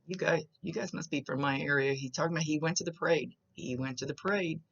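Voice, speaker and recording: A woman's voice: low voice, quick pace, muffled recording. A woman psychic medium talking through a reading to a client in a chatty way, describing what she sees as it comes, often restarting her sentences. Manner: chatty, describing visions as they come with restarts. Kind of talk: recorded reading monologue to a client.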